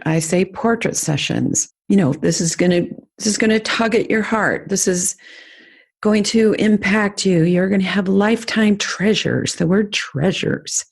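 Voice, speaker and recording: A woman's voice: on the low side, husky. A middle-aged woman hosting a podcast, casually teaching sales lessons with enthusiastic coaching. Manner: warm enthusiastic coaching, lively demonstrations.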